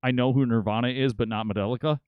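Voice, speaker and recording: A man's voice: medium pitch, steady tone, fast, clear, resonant tone, dry recording, phone-quality sound. A man in his late thirties from Minnesota, telling rambling, profane stories as a podcast guest. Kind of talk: casual storytelling.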